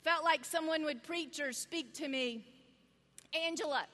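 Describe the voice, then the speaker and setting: A woman giving a sermon, telling the story with lively energy and acting out the voices of the people in it. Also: sits high, normal speed. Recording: long reverb of a large hall.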